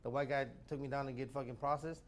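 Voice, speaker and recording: A man in casual chat, telling a story fast with stammering repeats. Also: medium pitch, steady tone.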